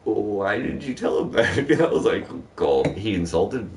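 A young man in casual chat, telling a profane, animated story about a rude customer. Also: on the low side, moderate pace, recorded from a distance.

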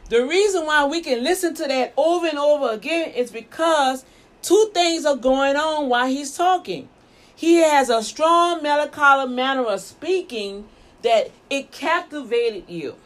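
A woman minister and show host, preaching emphatically with rhetorical questions and repeated words. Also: sits high. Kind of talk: preaching talk.

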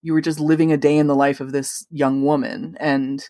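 A woman's voice: deep voice, little pitch movement, a little fast, dark tone, no echo. Casual woman host, talkative, filler-heavy, dry mic. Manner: chatty, lots of "like" fillers. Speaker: podcast host. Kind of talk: casual chat.

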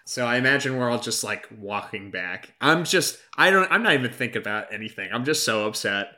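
A man's voice: medium pitch, animated, brisk, pushed and bright. A man playing a tabletop game, casual and rambling with lots of fillers and swearing. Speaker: player. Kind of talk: casual tabletop role-play.

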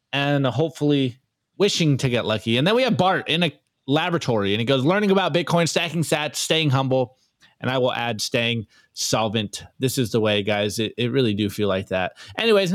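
Upbeat higher-voiced man hosting a meme review. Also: dry recording. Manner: energetic, laughs often, slangy. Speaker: podcast host.

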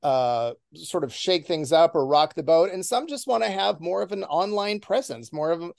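A man's voice: on the high side, expressive, moderate pace, gravelly, darkish tone, no echo, clean studio sound. A middle-aged man as an interview guest, confident and wisecracking. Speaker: podcast guest. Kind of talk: casual interview chat.

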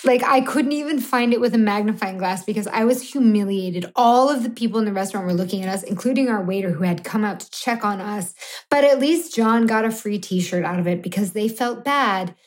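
A woman in her thirties tells a story on a podcast she co-hosts. She is blunt and explicit and pokes fun at herself. Her pitch sits in the middle range. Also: a little fast. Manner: blunt, explicit, self-mocking. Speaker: podcast co-host. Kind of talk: candid comedic storytelling.

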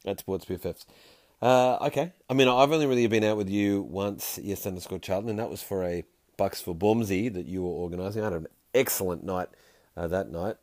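A man hosting a podcast in a casual, jokey way, reading listener tweets aloud with quick asides. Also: low voice, a little mellow, no room sound, clean studio sound. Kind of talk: casual chat.

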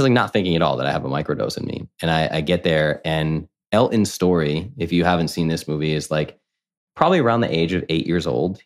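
A man in his thirties, a podcast guest, telling a candid personal story in a casual, rambling way, full of "like" and acted-out quotes. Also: a bass voice. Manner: candid, rambling, heavy use of "like", acts out quoted voices.

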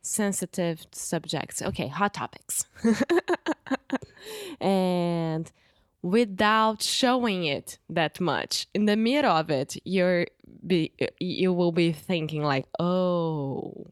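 Slow, low-voiced Brazilian woman. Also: clear, resonant tone, no echo, clean studio sound. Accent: Brazilian Portuguese. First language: Portuguese. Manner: enthusiastic, searching for English words. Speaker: podcast co-host. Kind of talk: casual chat.

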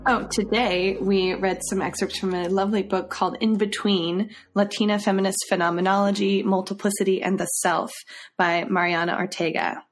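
A woman's voice: medium pitch, little pitch movement, moderate pace. A woman co-hosting a casual academic podcast, easygoing and joking. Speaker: podcast co-host.

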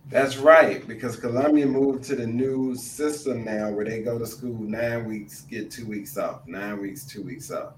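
A middle-aged man co-hosting a casual chat, animated and repeating phrases for emphasis. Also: medium pitch, unhurried, few pauses, reverberant, far from the mic, a little hiss or hum, low-quality recording. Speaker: co-host.

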